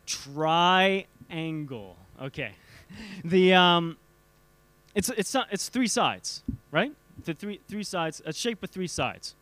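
Man, casual church teacher, stammering restarts, engages the audience, voice on the high side. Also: lively intonation, a bit bright, dry recording. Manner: halting, repeats words, asks the audience questions.

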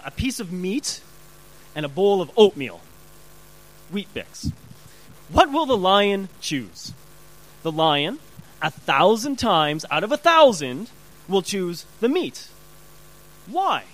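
A man preaching a sermon, emphatic, with repeated rhetorical questions and slowly drawn-out key words. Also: sits high, a bit bright, a little hiss or hum, low-quality recording.

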